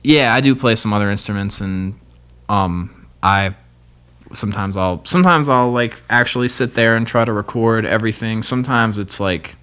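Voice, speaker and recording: A man's voice: fairly low pitch, steady tone, normal speed, fairly bright tone, clean tone. A young man, a guest guitarist, talking in a laid-back, rambling way with many fillers. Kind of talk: casual chat.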